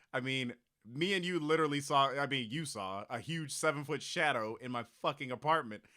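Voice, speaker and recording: Relaxed male co-host, crude and chatty, very bright tone. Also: mid-range voice. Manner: laid-back, profane, keeps saying "you know what I mean". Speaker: podcast co-host. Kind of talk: casual comedic chat.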